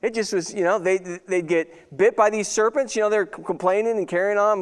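A man's voice: high voice, a little fast, few pauses, smooth, in a large hall. A man preaching a sermon as pastor, reading scripture and breaking into folksy, chatty asides.

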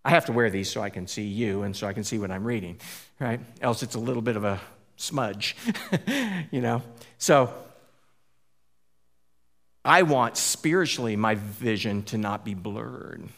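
A man's voice: lowish voice, unhurried, pauses often, fairly bright tone. A pastor giving a conversational sermon, often restarting phrases and asking his listeners questions. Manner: informal, repeats words, asks the listeners questions.

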